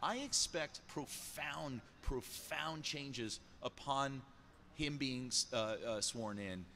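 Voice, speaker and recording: Animated podcast guest, bright, lively delivery, slight background noise. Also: male voice, mid-range voice, slow pace, creaky. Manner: animated, repeats words when emphatic. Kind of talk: podcast conversation.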